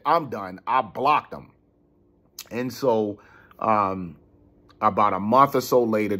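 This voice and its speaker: Husky, animated man telling a story. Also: medium pitch. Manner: animated, gets worked up, repeats words. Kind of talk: casual personal storytelling.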